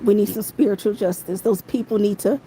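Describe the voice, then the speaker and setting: A woman rants angrily into her phone on a livestream, swearing freely and circling back to the same phrases again and again. Her voice is warm and mellow, with a soft, dark tone even as she gets heated. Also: mid-range voice, fairly quick, a little hiss or hum, poor audio. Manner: heated, profane, repeats phrases. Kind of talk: angry livestream rant.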